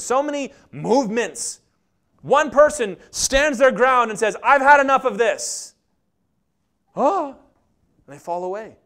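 A male pastor preaching a sermon in an animated way, acting out the characters in the story. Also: very high voice. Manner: animated, acts out the scripture characters.

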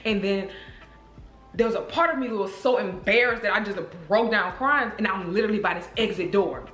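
A woman vlogger telling a story to her viewers in a casual, animated, emotional way, calling them girl and y'all. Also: mid-range voice, fairly quick. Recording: roomy echo with faint music.

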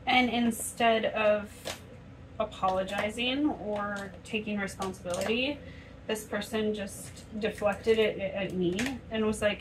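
A woman's voice: medium pitch, a little slow, far from the mic, a little hiss or hum, rough recording. A woman vlogger talking earnestly and conversationally while doing her makeup in a home bathroom, often acting out quoted speech. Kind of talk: casual chat to camera while doing makeup.

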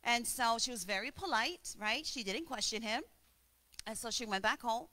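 A woman preaching a sermon, telling stories and demonstrating slow breaths. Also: fairly high pitch, animated, pushed and bright.

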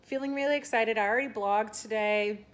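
A woman's voice: fairly high pitch, fairly quick. A young woman chatting casually in a vlog, rambling with lots of fillers and restarts. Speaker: vlogger and aspiring content creator. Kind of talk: casual talking-head vlog.

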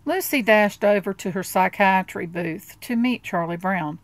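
A woman reading a children's book aloud with expressive, lively narration. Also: lowish voice, measured pace, no room sound. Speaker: storybook reader.

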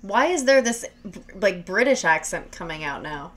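A woman making wry, quick comments and swearing while reacting to a horror film. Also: medium pitch, sing-song. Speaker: reaction channel host. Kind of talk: casual movie reaction chat.

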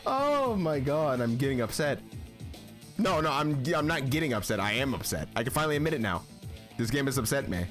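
A man giving profane, excitable commentary while playing a video game, often shouting at it. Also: mid-range voice, a little fast, over music. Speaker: gaming channel host. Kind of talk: gameplay commentary.

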